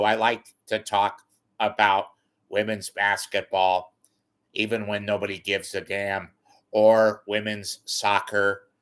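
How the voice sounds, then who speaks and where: Man impersonating a smug male sports reporter, slow, self-satisfied, drawn out. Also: on the low side, fairly bright tone.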